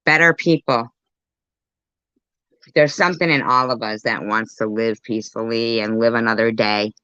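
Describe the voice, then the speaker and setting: A woman rambles through casual commentary for her viewers, cursing freely. Her voice is bright and sharp-edged. The recording sounds dull and dry, with no room echo. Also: a bass voice, fairly even intonation, moderate pace, clean tone. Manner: rambling, profane, talks to viewers and pets. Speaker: commentary YouTuber.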